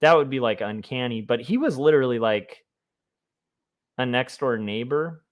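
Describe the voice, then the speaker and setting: A man's voice: medium pitch, expressive, moderate pace. A man, a comic artist, chatting casually on a livestream in a rambling, self-amused way. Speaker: comic artist streaming his work.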